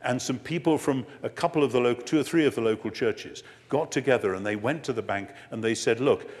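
An older man giving a sermon-style lecture to an audience, expressive, slowing down for emphasis and moving between soft and loud. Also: mid-range voice. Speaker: preacher. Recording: long hall reverb.

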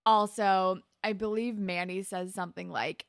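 A woman's voice: fairly low pitch, normal speed, vocal fry, few pauses, clear, resonant tone, no room sound, clean studio sound. A woman co-hosting a podcast, chatting casually and acting out characters' lines as she recaps an episode. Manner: animated, acts out characters' lines when recapping. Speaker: podcast co-host.

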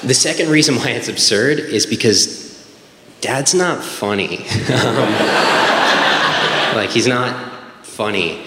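A man's voice: mid-range voice, slow pace, long pauses. A young man telling a personal story on stage, conversational and wry, with lots of "like" and "um.". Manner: conversational, wry, many fillers like "like" and "um". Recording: roomy hall with faint room noise.

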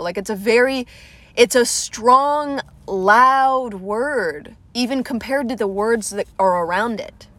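A woman's voice: fairly high pitch, slow, fairly bright tone, dry recording. A young woman from Atlanta, a comedian hosting her own podcast, rambles in a casual, self-deprecating way and swears freely. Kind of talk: casual solo podcast monologue. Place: small room at home, lights went out.

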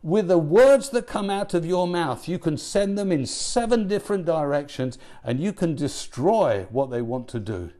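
A male preacher delivering a sermon in a fairly high, very lively voice. He fires off rhetorical questions and swings up into emphatic, driving passages before dropping back down. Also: normal speed, hardly any pauses. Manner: animated, rhetorical questions, rising to emphatic peaks.

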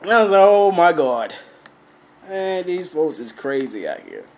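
Profane, high-voiced man telling stories. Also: very animated, unhurried, a little hiss or hum. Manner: profane storytelling, loud cackling laughs. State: drinking. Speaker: podcast host. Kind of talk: raw casual monologue.

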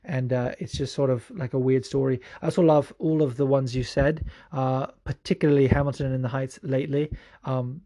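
A man's voice: mid-range voice, darkish tone. A man hosting a podcast, answering listener questions in a rambling, profane, casual way with lots of fillers. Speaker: podcast host.

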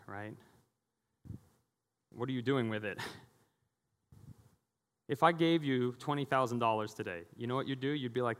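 Casual, animated man preaching in a reverberant hall. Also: mid-range voice, a little fast, clear, resonant tone. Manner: conversational, animated storytelling with asides and jokes. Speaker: pastor. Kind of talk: sermon. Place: church sanctuary.

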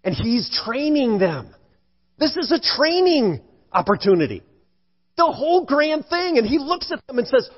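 A male pastor preaching a sermon in an animated way, at times acting out frightened voices. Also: very high-pitched, a little slow. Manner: animated, acts out scared voices for effect. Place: church sanctuary. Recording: dull sound with long hall reverb.

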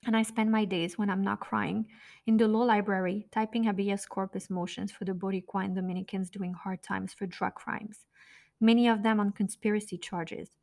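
A woman's voice: mid-range voice, steady tone, normal speed, gravelly, a little mellow. A woman narrating her own memoir in a blunt, raw, profane way.

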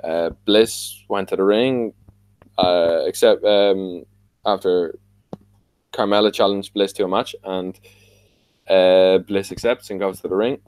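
A man's voice: sits low, fairly even intonation, takes it slowly, a little mellow, smooth, no echo, low-quality recording. A man with an Irish accent casually recapping a wrestling show on a podcast, rambling with lots of fillers and restarts. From Ireland.

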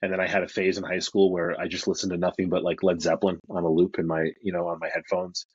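A middle-aged man from Brooklyn, a comic creator with a mild New York accent, is a podcast guest talking casually. His low voice is husky and a little mellow, with flat delivery and a fast pace, and he rambles with easygoing self-corrections. The recording sounds muffled.

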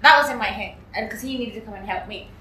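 A woman's voice: a little high, fast talker, pushed and bright. A woman co-hosting a casual podcast chat, telling a story with lots of laughter and quoting what people said. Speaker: podcast co-host. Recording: echoey room with faint noise.

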